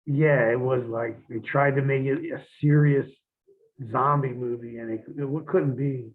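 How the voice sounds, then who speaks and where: Over tinny phone-line audio, a former pro wrestler gives a shoot interview, telling blunt, profane stories and acting out old arguments. His medium-pitched voice keeps a steady tone at a measured pace.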